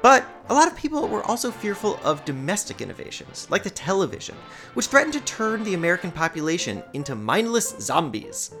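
A woman's voice: mid-range voice, big pitch swings, fairly quick, fairly bright tone, soft background music. A woman hosting a podcast, narrating a script with wry, playful asides. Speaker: podcast host.

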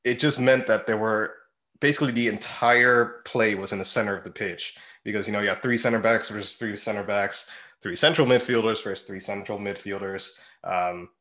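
A man's voice: on the low side, fairly even intonation, a little fast, sharp tone. A man co-hosting a casual football podcast, rambling with many fillers and frequent laughs. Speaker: podcast co-host. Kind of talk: casual chat about football.

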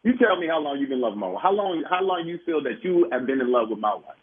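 A furious man yells and stammers through a tinny phone line. His voice sits high and swings wildly up and down, with a husky edge. Every few words he curses. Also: sing-song, fast. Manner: angry, profane, stammering. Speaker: prank call target. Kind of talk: heated phone argument.

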